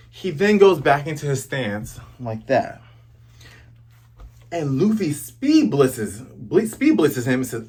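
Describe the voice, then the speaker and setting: A man hosting a casual, jokey comic chapter review, recapping scenes with excited asides. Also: a little high, slow pace, long pauses, breathy edge. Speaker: host.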